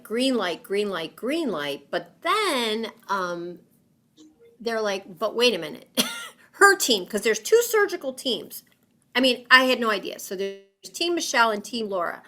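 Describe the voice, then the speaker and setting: A woman, a guest in an interview, telling a personal story with lots of fillers and acting out what others said. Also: a little high. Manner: animated, lots of fillers, acts out quoted voices.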